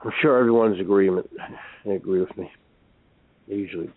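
A man's voice: sits low, brisk, slight background noise. A man on a chat line, arguing and ranting with many stumbling restarts. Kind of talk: heated phone argument. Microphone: phone. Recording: dry tinny phone line.

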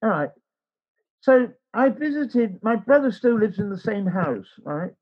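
A man's voice: high voice, sing-song, unhurried, husky, highs cut off. An older man telling a rambling personal story in casual chat, acting out the voices of the people in it. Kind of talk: casual anecdote.

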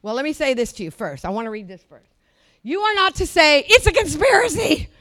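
Fervent high-voiced older woman preacher. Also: big pitch swings, a little fast. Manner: fervent, swings from loud declarations to low murmured asides. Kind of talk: sermon.

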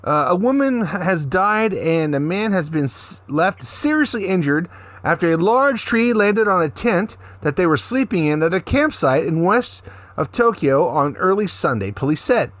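A man's voice: high voice, animated, normal speed, a bit bright, no room sound. A man co-hosting a casual podcast, reading a news story with frequent stumbles and corrections, then joking sarcastically. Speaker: podcast co-host.

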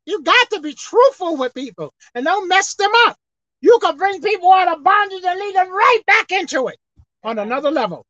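A woman preacher delivering a sermon, swinging between loud emphatic outbursts and quiet asides. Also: very high voice, big pitch swings, normal speed, no echo. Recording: dull lo-fi dry sound.

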